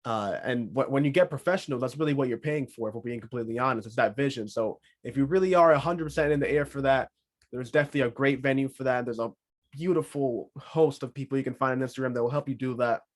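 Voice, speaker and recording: A man's voice: mid-range voice, fast talker. A man hosting a solo podcast, talking casually with rambling, joking asides. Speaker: podcast host.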